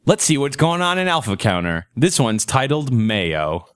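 A man's voice: mid-range voice, big pitch swings, normal speed, smooth, no echo. Giggly man hosting, dry close sound. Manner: crude, giggly, riffing. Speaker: podcast host. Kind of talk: casual comedic banter.

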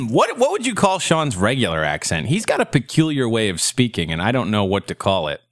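A man's voice: mid-range voice, huge pitch swings, a little fast, a bit bright, dry recording. A man hosting a podcast, joking crudely and laughing through casual comedic banter. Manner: crude, giggly, riffing. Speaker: podcast host.

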